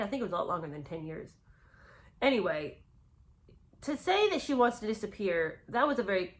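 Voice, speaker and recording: A woman giving sarcastic, incredulous commentary while reading from a memoir. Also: fairly low pitch. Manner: scornful, incredulous, emphatic.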